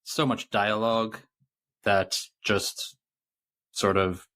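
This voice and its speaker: A man with a fairly low voice co-hosts a casual movie podcast. He rambles and restarts his sentences often as he chats about the film. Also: flat delivery, slow pace, fairly bright tone. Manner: rambling, self-interrupting, reads quotes aloud. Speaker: podcast co-host. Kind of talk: casual movie review chat.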